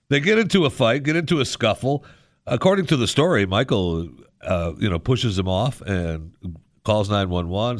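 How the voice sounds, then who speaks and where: Low-voiced man rambling on the radio. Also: no echo, studio quality. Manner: rambling, sarcastic, animated asides. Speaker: radio host. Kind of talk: casual radio monologue. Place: radio studio.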